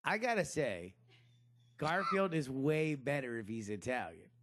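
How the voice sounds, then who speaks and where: A man's voice: mid-range voice, very animated, a little slow, noisy background. A man co-hosting a podcast in casual banter, rambling, swearing and laughing often. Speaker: podcast co-host.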